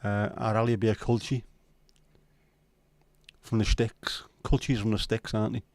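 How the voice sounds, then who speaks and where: A man's voice: lowish voice, level tone, normal speed, darkish tone, no room sound. Blunt, sweary Scouse man chatting. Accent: Liverpool. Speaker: livestream host. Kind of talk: casual chat reading viewer comments.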